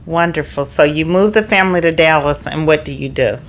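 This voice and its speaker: A woman's voice: low voice, brisk, a little hiss or hum, low-quality recording. A woman hosting a podcast, asking questions and adding short encouraging remarks. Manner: brief encouraging interjections. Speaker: podcast host. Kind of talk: interviewing, casual chat.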